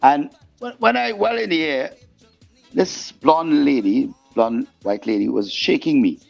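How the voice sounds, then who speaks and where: A man being interviewed as a guest singer, telling stories in a lively way and acting out the voices of the people in them. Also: fairly high pitch, unhurried, creaky. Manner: animated storyteller, acts out quoted voices. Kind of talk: storytelling interview chat. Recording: muffled podcast audio with faint music.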